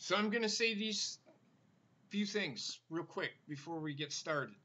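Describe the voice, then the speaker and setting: A man hosting a wrestling stream, ranting angrily with lots of swearing while trying not to yell. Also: high-pitched, lively intonation, measured pace, highs cut off. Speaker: wrestling show host. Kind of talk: angry live stream rant.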